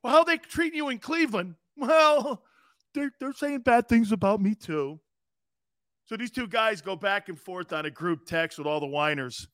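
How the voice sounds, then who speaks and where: A middle-aged man hosting a sports talk radio show, loud and joking, laughing often as he rambles. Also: high-pitched, animated, normal speed, no room sound, clean studio sound.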